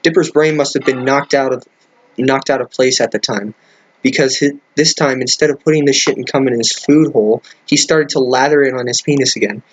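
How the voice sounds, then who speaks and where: A man's voice: medium pitch, a little fast. A man reading a crude story aloud, stumbling over words and breaking off with incredulous, swearing remarks. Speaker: comedic reader. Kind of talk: reading a fan fiction aloud with commentary.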